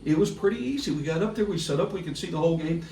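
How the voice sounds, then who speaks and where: A middle-aged man, a sports broadcaster guest on a podcast, telling a story in a lively way and laughing through it. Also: fairly high pitch, racing. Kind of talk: casual storytelling. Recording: echoey room, distant mic, faint hiss.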